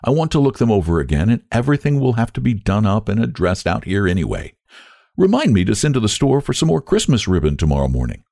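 A man's voice: lowish voice, very animated, fast talker, gravelly, darkish tone, no room sound, clean studio sound, voice pushed up, full character voice. A man reading aloud and voicing a kindly, sentimental older woman in a raised, lilting voice.

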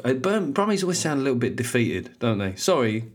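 A man's voice: medium pitch, very animated, a little fast, few pauses. A man hosting a comedy podcast alone, rambling, swearing and mocking himself. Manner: rambling, sweary, self-deprecating. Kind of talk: solo comedic podcast monologue.

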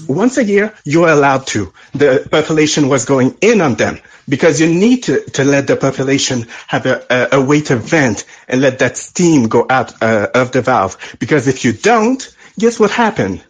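A man's voice: medium pitch, normal speed, few pauses, breathy edge. A man from France with a French accent, calling in to give his opinions in a playful, blunt way. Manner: animated, playful and blunt, laughs often. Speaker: caller. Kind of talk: call-in opinion.

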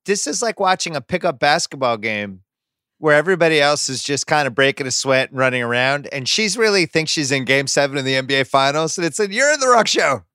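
A man hosting a podcast, riffing in casual pop-culture chat with opinionated, animated asides, close to the microphone. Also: mid-range voice, fairly quick, clean tone, dry recording. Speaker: podcast host.

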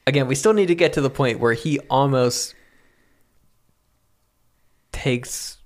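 A man co-hosting a podcast, brainstorming a story in a relaxed, chatty way. He laughs often and slips into acted-out lines, with an everyday mid-pitched voice. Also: unhurried. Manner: easygoing, laughs often, acts out characters. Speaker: podcast co-host. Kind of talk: casual creative brainstorming chat.

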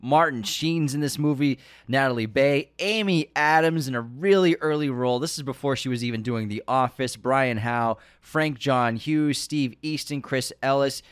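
Dude hyping up a movie cast, medium voice, dry mic, casual. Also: male voice, medium pitch, moderate pace, few pauses, clean tone, no room sound. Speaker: film podcast co-host. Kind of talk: casual film discussion.

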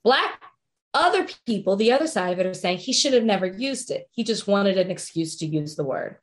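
A woman's voice: medium pitch, expressive, brisk. A woman co-hosting a podcast in casual chat, reading quotes aloud and laughing easily. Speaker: podcast co-host.

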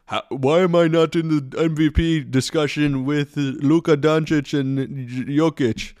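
A man doing a brief impression of a whiny grown basketball star, complaining in a higher, aggrieved put-on voice. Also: fairly even intonation, unhurried, darkish tone, dry recording, clean studio sound, natural voice.

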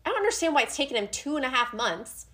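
A young woman co-hosting a casual book chat, animated and reading passages aloud with feeling. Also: high-pitched, quick pace. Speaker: podcast co-host.

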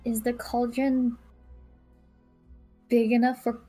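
High, giggly woman player. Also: flat delivery, takes it slowly, mellow, husky, soft background music. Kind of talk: tabletop game chat.

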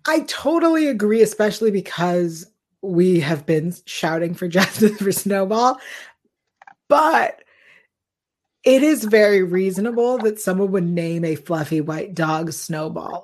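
A woman's voice: mid-range voice, lively intonation, a little slow. A woman co-hosting a podcast, talking through her points in a casual fan recap. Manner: chatty and reasoned, builds points with fillers. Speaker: podcast co-host.

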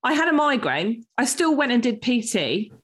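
A young woman co-hosts a casual podcast chat. Her voice sits a bit high. She rants emphatically and swears often. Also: big pitch swings, moderate pace, a bit bright, breathy edge. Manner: ranting, emphatic, swears freely. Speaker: podcast co-host.

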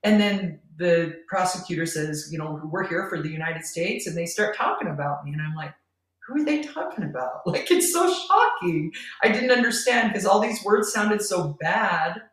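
A woman's voice: fairly low pitch, expressive, moderate pace, hardly any pauses, a bit bright. Woman telling her story from a roomy distance. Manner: earnest, tearful at times, laughs between lines. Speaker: guest. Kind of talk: emotional personal storytelling.

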